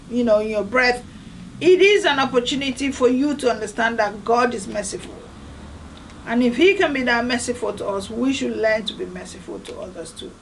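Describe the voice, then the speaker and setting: A woman's voice: fairly high pitch, slight background noise, poor audio. A woman from Nigeria, giving an earnest, emphatic devotional talk as host of a video series. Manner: earnest, emphatic, repeats "I tell you".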